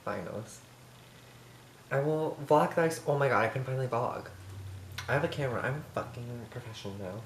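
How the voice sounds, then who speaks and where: A teenage guy from Montana rambles through a baking vlog in his kitchen, camp and sassy, swearing freely. His voice sits at a middling pitch. The room echoes, and steady noise runs underneath. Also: moderate pace, pauses often. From Montana, USA. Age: teens. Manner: sassy, campy and profane. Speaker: vlogger. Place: home kitchen.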